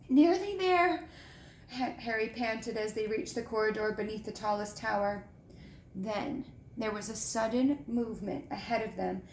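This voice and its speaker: Woman, storybook reading, gentle and expressive, fairly high voice, echoey room with faint ambience. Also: slight background noise. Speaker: reader. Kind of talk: reading a children's book aloud.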